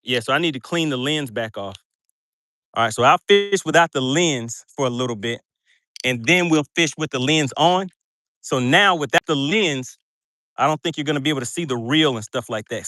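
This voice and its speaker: A man's voice: on the high side, sharp tone, dry recording, clean studio sound. Chatty man on a fishing boat. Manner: chatty, reads viewer comments aloud, laughs often. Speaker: fishing livestream host. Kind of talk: casual livestream chat.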